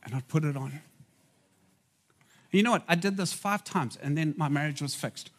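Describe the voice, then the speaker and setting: A man delivers a sermon in a loose, chatty manner. His voice sits somewhat high, and he breaks off for quick asides to the crowd. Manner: conversational, asides to the audience. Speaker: preacher.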